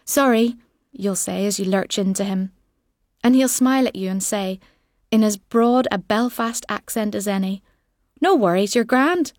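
A woman narrating an audiobook in a measured, wry way. Her voice sits mid-range, and the booth sound is dry and close. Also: mid-range voice, fairly even intonation, darkish tone, no room sound. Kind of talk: literary second-person narration.

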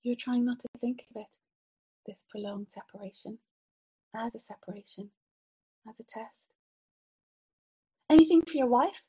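Woman narrator, literary audiobook, soft measured delivery, breathy husky voice, dull lo-fi sound. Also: fairly high pitch, flat delivery. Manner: soft, measured, sometimes whispered. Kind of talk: second-person literary narration.

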